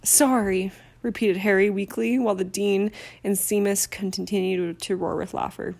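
Woman reading a novel aloud, gravelly, steady, slips now and then. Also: mid-range voice, moderate pace. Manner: steady narration with occasional stumbles. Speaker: audiobook reader. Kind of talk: amateur audiobook reading.

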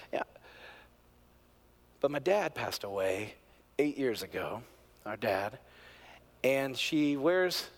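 A middle-aged male pastor preaching a sermon, telling a family story, moving from hushed, quiet moments to loud, excited peaks. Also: medium pitch. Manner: animated storyteller, swings from hushed to near-shouting.

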